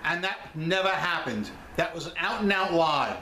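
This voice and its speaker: A man's voice: a little high, animated, normal speed, bright, forceful tone, roomy sound, slight background noise. A man with a New York accent, talking straight to his viewers about selling online in a blunt, emphatic way. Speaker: online seller vlogger. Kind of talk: casual chat.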